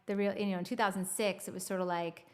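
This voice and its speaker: A woman's voice: medium pitch, flat delivery, fast, darkish tone. A woman, a guest musician, talking casually in an interview, full of "like" and "you know". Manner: chatty, lots of "like" and "you know".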